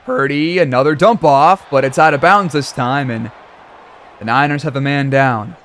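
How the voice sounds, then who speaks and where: A man giving play-by-play commentary over a football video game, reacting loudly to big plays. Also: medium pitch, moderate pace, slight background noise. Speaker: gaming commentator.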